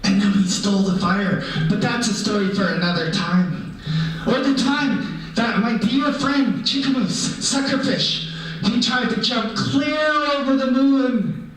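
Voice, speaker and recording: Man voicing a high, playful animal-person teller, distant and echoey. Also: unhurried. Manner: playful, animated, full of humor. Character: cheerful animal-person storyteller, male, ageless. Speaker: storyteller. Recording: echoey hall from far off.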